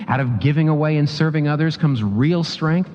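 A man preaching a sermon in a lively, emphatic, conversational way, often restarting sentences and pushing his pitch up on key points. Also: moderate pace. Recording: dull lo-fi sound with long hall reverb.

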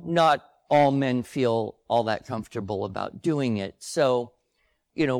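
Older man, co-host, relaxed conversational delivery, dry sound. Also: a little high, dry recording. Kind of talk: casual conversation before a live audience.

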